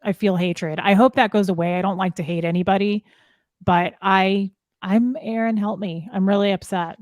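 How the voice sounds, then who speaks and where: A middle-aged woman telling a painful personal story, upset and halting, often restarting her sentences. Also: mid-range voice, steady tone, darkish tone, no room sound, clean studio sound. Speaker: guest sharing her story. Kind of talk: emotional personal account.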